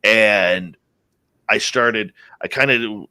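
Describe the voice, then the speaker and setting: Male talk radio host, dry close sound, lively storyteller. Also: fairly low pitch, drawn-out words, clear, resonant tone, dry recording. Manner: animated storyteller who acts out quoted speech. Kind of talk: casual interview talk.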